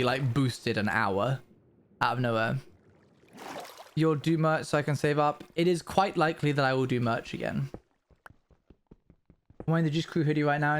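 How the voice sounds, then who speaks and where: A young British man streaming live, chatting casually and answering his viewers' questions in quick, upbeat bursts. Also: a little high. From Britain. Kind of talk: casual livestream chat with viewers.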